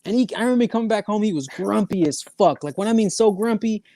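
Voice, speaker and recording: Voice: medium pitch, expressive, quick pace, dark tone, dry recording. Profane podcast co-host. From Canada. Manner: slangy, profane, laughing, repeats "bro". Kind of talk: casual chat, storytelling.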